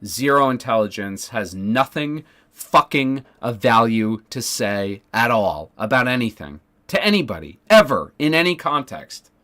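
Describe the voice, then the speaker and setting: A man's voice: medium pitch, lively intonation, unhurried, few pauses, fairly bright tone. A man streaming casually, ranting sarcastically with lots of swearing, fillers and restarts. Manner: profane, sarcastic, rambling with many fillers.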